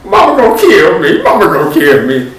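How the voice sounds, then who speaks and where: A man's voice: fairly high pitch, huge pitch swings, a little fast. A man voicing a stubborn young man who keeps fretting urgently about his mother during a told story. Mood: fretful. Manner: urgent, fretful repeating. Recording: roomy, distant, faint hiss.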